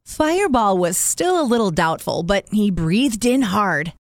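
Expressive woman narrating a children's story. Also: medium pitch, measured pace, no echo, clean studio sound. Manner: expressive, playing sound words.

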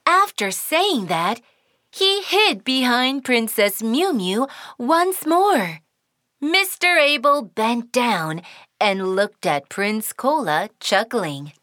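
A woman narrating a children's cartoon story in a sing-song, expressive way. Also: on the high side, takes it slowly, no echo, clean studio sound.

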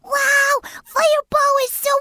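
A woman's voice: very high-pitched, flat delivery, pushed and bright, no room sound, exaggerated voice. A woman voicing a small, cheerful baby dragon little brother who sneezes and admires his big brother, in a children's audio story. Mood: admiring. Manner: slow, wondering, sneezy little voice. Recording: dry studio voice.

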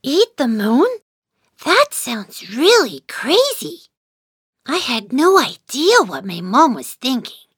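A woman voicing a sleepy, patient young child who narrates a children's cartoon, in a gentle storytelling manner. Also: sits high, very animated, takes it slowly, breathy edge, dry recording, clean studio sound, full character voice. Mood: narrating.

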